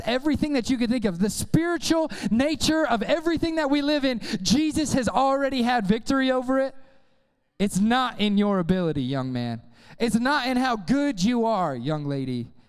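A man preaching a sermon to young people, energetic and casual, often calling on the crowd to respond. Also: high-pitched, smooth, big-room sound. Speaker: youth pastor.

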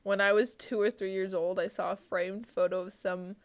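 A young woman hosts a casual podcast. She reads out short funny stories and then chats about them, giggling often and dropping "like" into every sentence. Her voice sits at a middle pitch for a woman. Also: little pitch movement, normal speed. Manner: giggly, many "like" fillers. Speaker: podcast host.

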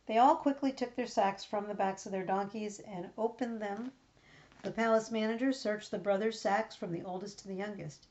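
A woman reading the Bible aloud in a steady voice, correcting herself now and then. Her pitch sits in the middle. The recording is dull and lo-fi. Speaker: scripture reader.

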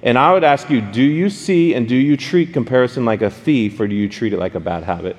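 A man preaching a casual, story-driven sermon, animated and speaking straight to his listeners with questions. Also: mid-range voice, fairly quick. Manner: animated, addresses the audience directly with questions. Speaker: pastor. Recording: long hall reverb.

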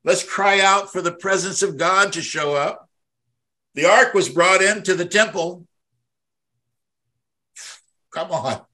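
With a high, pushed and bright voice, an older minister hosts his devotional podcast at a measured pace. He talks in a rambling, deeply felt way, growing louder and fuller as emotion builds.

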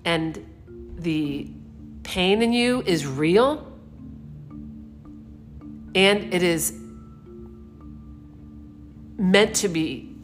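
A middle-aged woman speaks slowly in a lowish voice, wandering through her thoughts as she gives a reflective spiritual talk. She searches for words and gently coaxes the listener with questions. Soft music plays faintly underneath. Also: expressive. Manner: meandering, unhurried, searching for words.

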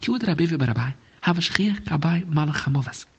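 Male Talmud teacher with a rough, husky and somewhat high voice, who reads each phrase of text and then translates it. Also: expressive, brisk, a little mellow, dull audio. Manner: reads a phrase of Aramaic, then explains it in English.

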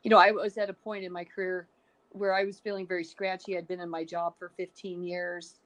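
A woman's voice: lowish voice, level tone, a little fast, a bit bright. A middle-aged woman hosting a podcast interview, talking in an encouraging, thinking-aloud way with many restarts. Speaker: podcast host. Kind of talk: casual interview chat.

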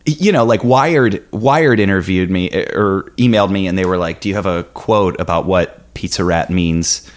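Low-voiced guy rambling thru a story on a podcast, lots of ums and likes. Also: normal speed. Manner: rambling storytelling with many fillers. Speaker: guest. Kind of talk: casual podcast interview.

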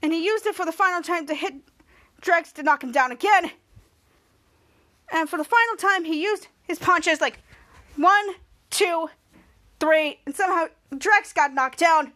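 A woman hosting a podcast walks through a TV episode in a rambling, casual fashion, often repeating herself with "somehow" and "cut to." Her very high voice sounds bright and forceful, moving at a measured pace with frequent pauses.

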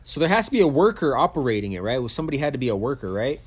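A man's voice: medium pitch, very animated, rapid-fire, slightly rough. A man co-hosting a podcast, joking and speculating in casual chat and swearing freely. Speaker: podcast co-host.

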